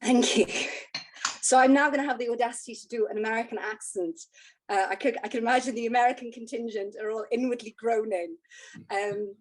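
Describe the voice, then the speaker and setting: A woman, a poet introducing her poems with hesitant fillers, then reciting them in a measured way over a video call. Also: on the high side. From Wales. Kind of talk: poetry reading.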